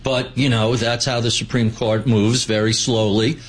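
A male finance guest with a mid-pitched voice, speaking bluntly with a sardonic edge. He rattles off statistics to make his point. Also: little pitch movement, normal speed, low-quality recording. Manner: blunt and sardonic, lists figures. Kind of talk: interview answers.

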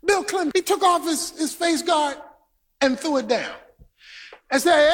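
A man preaching an emphatic sermon, often shouting lines, joking with the congregation and telling stories. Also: very high voice, measured pace, long pauses. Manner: banters with the congregation and tells stories. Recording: live sermon with long hall reverb.

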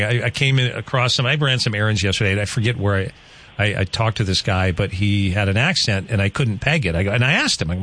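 A man hosting a radio show, chatting casually and telling stories with excitement. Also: lowish voice, quick pace. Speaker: radio host.

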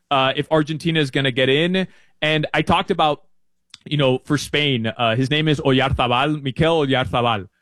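A man talking through soccer picks in a rambling, animated way, full of fillers and restarts, as a guest on a sports chat show. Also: a little high, no echo. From Uruguay fan living in Miami.

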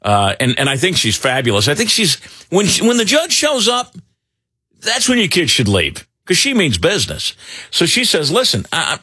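Man, middle-aged, radio host, rambling, bright, husky. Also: a little high, normal speed, no echo, clean studio sound. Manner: rambling, animated, with many fillers. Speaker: radio talk show host. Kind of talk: casual talk radio banter.

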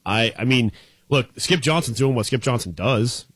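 A man's voice: medium pitch, animated, moderate pace, a bit bright, no echo, studio quality. A man co-hosting a casual sports talk radio show, joking and laughing often, with hedging fillers.

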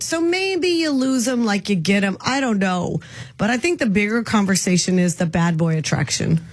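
A woman hosting a radio show, talking fast and emphatically in a studio. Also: medium pitch, lively intonation, no echo. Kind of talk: radio prank call segment and chat.

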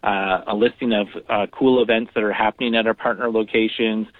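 A man's voice: lowish voice, steady tone, brisk, dry recording. A man, a guest on a radio interview, explaining things in an upbeat way with many fillers. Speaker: guest from a regional tourism program. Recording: phone line.

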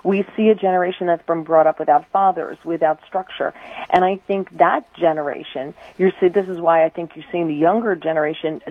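A woman's voice: lowish voice, fairly even intonation, brisk. Opinionated woman on a tinny phone line. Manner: opinionated, talks in long run-on stretches. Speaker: radio host guest commentator. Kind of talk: casual political chat.

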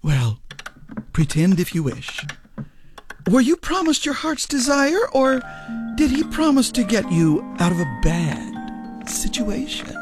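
A woman's voice: a little high, big pitch swings, takes it slowly, music in the background. An actress playing an eerie, sly old woman in a radio drama, purring her words and dropping into whispers. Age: older.

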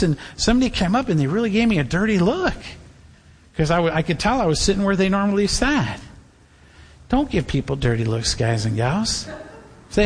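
A male pastor preaching in a loose, conversational way, joking with the congregation and speaking straight to them. His voice sits high for a man, and a long hall reverb trails after every phrase. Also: expressive, fast talker. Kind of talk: sermon.

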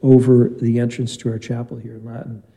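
A man's voice: medium pitch, monotone, a little fast, vocal fry, mellow, low-quality recording. A man, a priest, reading the Gospel and giving a conversational homily with stories in a church. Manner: conversational preaching with anecdotes. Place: church or chapel.

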